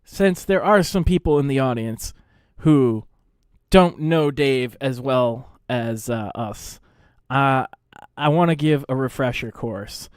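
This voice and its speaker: A male podcast host talks through casual commentary in a slow, unhurried way. His voice is smooth and clear. The sound is dry and close, with no room echo. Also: mid-range voice. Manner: unhurried, explaining with fillers.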